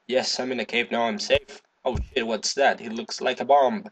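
A man giving casual gameplay commentary, excitable, swearing, humming to himself and breaking into sudden high yelps. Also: moderate pace, hardly any pauses, slightly rough. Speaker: gaming video host.

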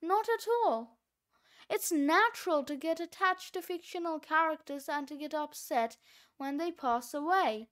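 A woman voicing a sentimental older woman on a school's staff in a storybook read-aloud, speaking softly and lower than her narration. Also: measured pace. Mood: tearful.

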